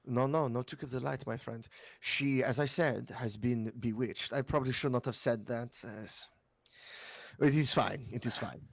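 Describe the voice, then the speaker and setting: An awkward, bookish scholar of magic, played by a man, fussing through formal, stilted sentences. His voice has a gravelly edge and sounds close and dry in this tabletop role-play. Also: medium pitch, unhurried, no room sound. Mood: fussy. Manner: formal, fussy, stilted phrasing.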